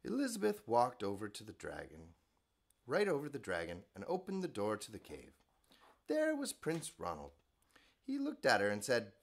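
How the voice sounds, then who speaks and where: A man hosting a children's bedtime show, narrating stories in a gentle, playful, expressive way. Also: lowish voice, moderate pace, gravelly.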